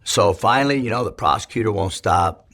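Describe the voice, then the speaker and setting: A man's voice: fairly low pitch, fairly quick, fairly bright tone, breathy edge. A man from California telling his life story in an interview, in a casual, profane, rambling way with many restarts.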